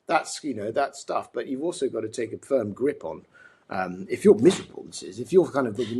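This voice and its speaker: A man's voice: medium pitch, expressive, fast, darkish tone, slight background noise. A man with a posh English accent, a podcast guest talking earnestly and reflectively, often restarting his sentences. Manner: thoughtful, many restarts and fillers, earnest. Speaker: podcast guest, mental health advocate. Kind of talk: reflective conversational interview.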